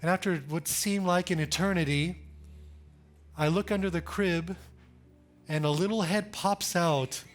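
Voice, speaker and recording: A pastor in his thirties preaching a sermon in church, speaking with slow emphasis, repeating phrases and building to urgent calls. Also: sits high, soft background music.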